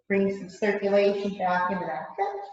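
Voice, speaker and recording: A woman leading a yoga class, chatty and relaxed, laughing at herself and a little out of breath. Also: medium pitch, moderate pace, heavy reverb, recorded from a distance, muffled recording, a little hiss or hum. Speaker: yoga instructor. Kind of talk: guided yoga class instruction. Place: yoga studio.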